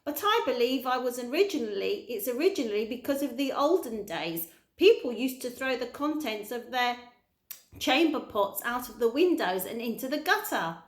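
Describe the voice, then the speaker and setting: A woman voicing a kindly, polite old male tramp with gentle, old-fashioned manners, in a roomy-sounding recording. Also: on the high side, big pitch swings, normal speed. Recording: roomy echo.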